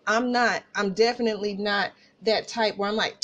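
A woman podcast host from Tulsa with an Oklahoma country accent, telling personal stories in a casual, animated way and talking straight to listeners. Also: mid-range voice, a little slow, highs cut off. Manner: animated, laughing asides, addresses listeners as y'all.

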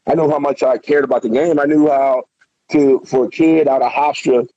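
This middle-aged guest, formerly a football player, tells an animated, meandering story casually and swears freely. His mid-range voice moves at normal speed on a dry recording with dull audio.

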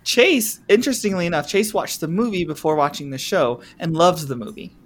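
A man's voice: fairly high pitch, fairly quick. A man co-hosting a casual podcast, rambling and searching for his words. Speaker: podcast co-host. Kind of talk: casual chat.

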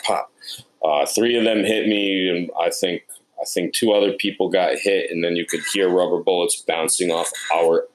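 A low-pitched New Yorker who works as a production sound mixer tells stories in an interview, slipping into quoted dialogue to play the people he met. Audio quality is poor.

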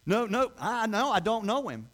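A man's voice: high-pitched, sing-song, moderate pace, a bit bright, pitched above the performer's own voice. A man voicing a panicked male fisherman who stammers out frantic denials.

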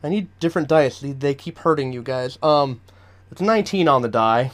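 A man's voice: mid-range voice, moderate pace, a bit bright. A man narrating as game master of a tabletop game, chatty and laughing often.

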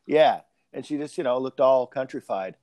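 A man's voice: medium pitch, normal speed, mellow, dry recording. Man, chatty host, rambling anecdotes, dry close sound. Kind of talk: casual conversation.

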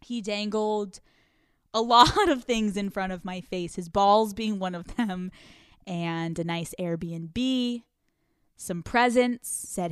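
A woman's voice: medium pitch, takes it slowly, smooth, no echo. A young woman hosting her podcast, talking on a studio mic in a very dry, close sound with no room around her. She speaks in a mid-range voice, candid and profane, breaking into laughs mid-sentence. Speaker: podcast host. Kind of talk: casual confessional podcast monologue.

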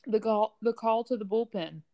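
A woman's voice: a little high, normal speed, dark tone. A woman co-hosting a casual chat, reacting with wry, teasing comments. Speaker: podcast co-host.

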